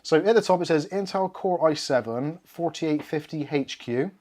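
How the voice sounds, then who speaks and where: A man with a Bristol accent hosts a casual tech livestream from his desk, indoors among a laptop and cameras, joking and swearing freely as he chats. His voice is on the high side and darkish, at normal speed.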